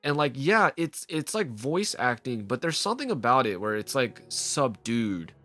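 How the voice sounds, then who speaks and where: A man's voice: mid-range voice, normal speed, no room sound. Rambling young-sounding man with faint music. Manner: rambling, animated, frequent "like" fillers. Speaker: let's play host. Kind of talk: casual gameplay commentary.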